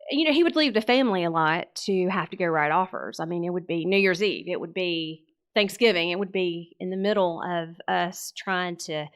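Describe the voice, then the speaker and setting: Podcast guest: woman in her 40s, lively, laughs a lot as she tells her story. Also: lowish voice, moderate pace, smooth. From Mississippi. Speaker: podcast guest, real estate coach. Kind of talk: casual interview chat.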